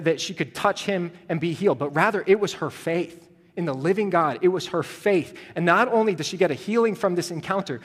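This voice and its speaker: A male pastor preaching a sermon, moving between hushed, tender passages and rising, urgent emphasis. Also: fairly high pitch, breathy edge, big-room sound.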